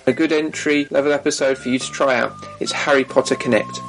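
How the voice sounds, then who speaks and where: A man's voice: mid-range voice, steady tone, fast, vocal fry, hardly any pauses, soft background music, low-quality recording. A man giving a playful, silly monologue for a podcast, recommending shows and pleading jokingly with listeners. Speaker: podcast contributor. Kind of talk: comedic monologue.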